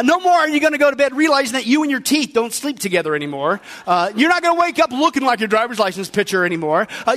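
A man preaching a sermon as pastor, lively and joking, often calling out to the congregation. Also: very high voice. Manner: energetic preaching with jokes, frequent "listen" and "folks". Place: church.

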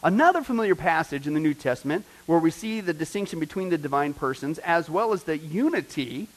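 A man's voice: on the high side, lively intonation, a little fast, poor audio. A man, a pastor, teaching a Bible study class, punching key words and quizzing the class with questions he answers himself. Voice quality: emphatic, stresses key words loudly.

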